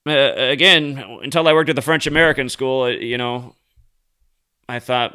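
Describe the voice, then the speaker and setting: Guy ranting on his own show, bright clear voice, swears a lot, keeps restarting. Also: medium pitch, steady tone, fairly quick. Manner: heated, profane, many restarts. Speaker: host. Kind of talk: ranting commentary monologue.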